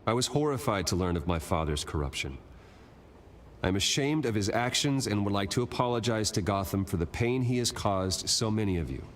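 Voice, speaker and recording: An actor as a restrained young billionaire heir in a video game, low-pitched yet expressive. Faint noise sits behind him. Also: male voice, fairly quick, distant mic, natural voice. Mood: formal. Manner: restrained, grave.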